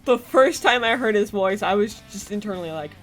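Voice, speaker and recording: A woman's voice: medium pitch, brisk, soft background music. A woman co-hosting a let's play, chatty and teasing, laughing often. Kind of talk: casual gameplay commentary.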